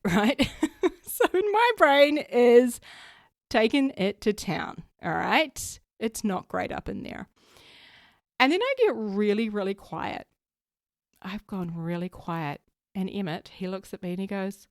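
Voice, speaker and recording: A woman, hosting her own podcast and telling a story in a lively way, acting out her worried thoughts. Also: mid-range voice, normal speed, no echo, studio quality. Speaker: podcast host. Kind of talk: casual solo podcast talk.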